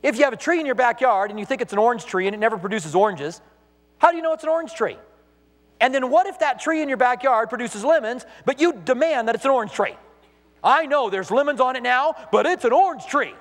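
A man preaching a sermon as a pastor, animated, acting out the voices he quotes. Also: very high voice, fast talker, long reverb tail.

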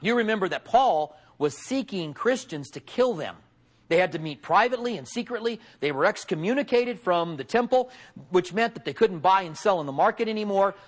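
A middle-aged man preaching in a high voice. He keeps it conversational and folksy, with joking asides to his listeners. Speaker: pastor. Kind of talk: conversational sermon.

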